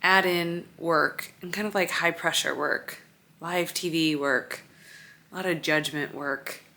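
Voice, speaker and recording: With a deep, steady voice that is sharp in tone and unhurried, a woman in her thirties vlogs from her apartment mid-move. This mother is tired and overwhelmed, rambling emotionally in confessional chat.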